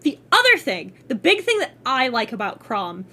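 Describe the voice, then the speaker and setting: A woman's voice: a little high, wildly swooping pitch, normal speed, sharp tone. A woman streamer chatting casually on her stream, gushing with profanity and frequent laughter.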